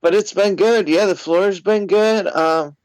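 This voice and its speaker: A middle-aged man co-hosting a casual podcast, easygoing and halting, laughing often. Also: high-pitched, a little mellow, no room sound, poor audio. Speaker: podcast co-host. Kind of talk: casual comedy podcast banter.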